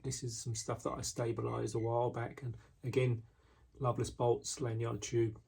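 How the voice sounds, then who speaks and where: A man casually showing the knives he makes, talking in a relaxed way with frequent ums and restarts, indoors in his workshop. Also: medium pitch, moderate pace, gravelly, breathy edge. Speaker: knife maker. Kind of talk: casual product walkthrough.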